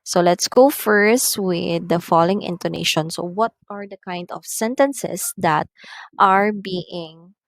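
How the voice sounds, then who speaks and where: A woman giving a recorded English lesson, explaining slowly and deliberately and reading out numbered example sentences. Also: on the low side, no echo, low-quality recording. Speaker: English teacher. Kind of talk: recorded online lecture.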